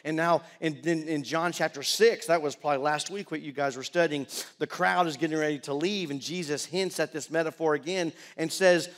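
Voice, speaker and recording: A middle-aged man preaching a sermon as pastor, moving between loud pleading and quiet, personal storytelling. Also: fairly high pitch, fairly quick.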